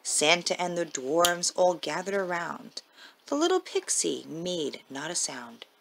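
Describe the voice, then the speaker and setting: A mother reading a rhyming children's picture book aloud in a slow, sing-song manner. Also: on the low side, big pitch swings, vocal fry, fairly bright tone, slight background noise, low-quality recording.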